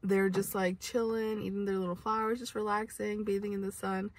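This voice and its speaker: Speaking fairly quickly with a flat, medium-pitched delivery, a young woman casually recounts a story to camera. She rambles, says "like" constantly, and keeps restarting; there's no room sound, though her voice seems far from the mic.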